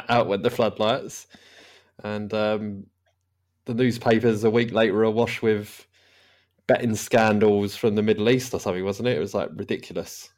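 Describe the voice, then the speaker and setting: Podcast host, man, deep low voice, rambling and laughing. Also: steady tone, measured pace, long pauses, a little mellow. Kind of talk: casual chat.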